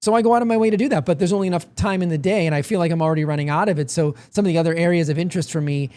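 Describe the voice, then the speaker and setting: A man's voice: fairly high pitch, racing, a little mellow. Rambling man telling a story. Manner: rambling, laughs often, self-correcting. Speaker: guest. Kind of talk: casual chat, storytelling.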